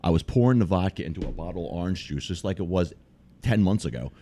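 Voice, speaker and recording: A man's voice: sits low, expressive, fast talker, warm tone, a little hiss or hum. An American man telling a trip story in casual, profane podcast chat. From United States. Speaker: guest storyteller.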